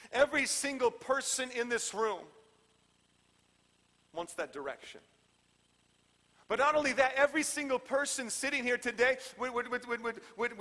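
A man preaching a sermon as a pastor, repeating phrases and swinging from loud proclamations to hushed asides. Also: extremely high pitch, big-room sound.

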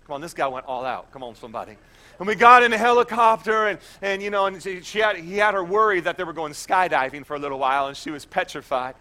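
A man in his thirties preaching a sermon, telling a personal story in a chatty, animated way with many restarts. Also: high voice, quick pace. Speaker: pastor.

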